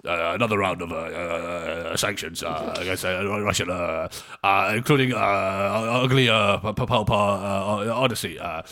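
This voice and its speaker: A man putting on a loud, blustering male politician who stammers through an announcement. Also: low-pitched, exaggerated voice. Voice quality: loud, halting, full of drawn-out ums.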